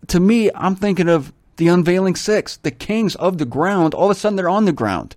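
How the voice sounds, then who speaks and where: A man's voice: fairly high pitch, big pitch swings, moderate pace, few pauses, a little mellow, no echo, clean studio sound. An older man from Ohio reads scripture aloud and breaks off into enthusiastic, rambling commentary and stories. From Ohio, USA. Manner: enthusiastic, storytelling, exclaims often. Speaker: Bible reader and commentator. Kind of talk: scripture reading with digressive commentary.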